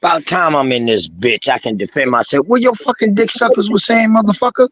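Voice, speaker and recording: An angry man tears into his critics on a live stream, cursing hard. His pitch jumps up and down as he argues, and the sound is dry and close. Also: animated, fairly quick, a bit bright, no echo, poor audio. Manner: angry, profane, confrontational. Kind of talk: heated argument on a live stream.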